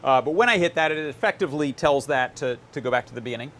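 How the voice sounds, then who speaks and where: A man hosting a live electronics workshop, explaining his setup in a relaxed, casual way with plenty of filler words as he tinkers. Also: mid-range voice, quick pace.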